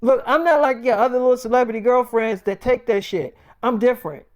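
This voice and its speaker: A man's voice: extremely high pitch, voice pushed up. A man voicing an angry, jealous young girlfriend who swears and confronts her boyfriend. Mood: angry, upset. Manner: profane, confrontational, rapid complaints.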